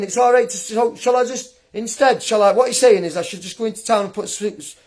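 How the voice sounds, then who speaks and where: Taunting high-voiced man ranting. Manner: taunting, mocking and combative, with frequent laughs. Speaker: livestreamer. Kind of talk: angry livestream rant.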